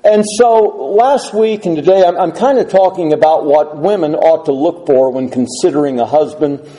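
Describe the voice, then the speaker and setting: A middle-aged male pastor delivers a sermon in an earnest, measured way, pausing on rhetorical questions. His voice sits high for a man yet sounds soft and mellow. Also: rough recording.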